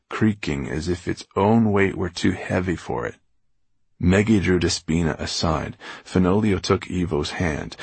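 A man narrating a novel aloud with expressive storytelling. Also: low-pitched, husky, dry recording. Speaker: audiobook narrator. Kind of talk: scripted narration.

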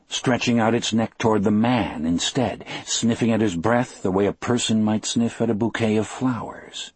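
A man narrating an audiobook in a measured, unhurried first-person telling. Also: low-pitched, husky, no room sound.

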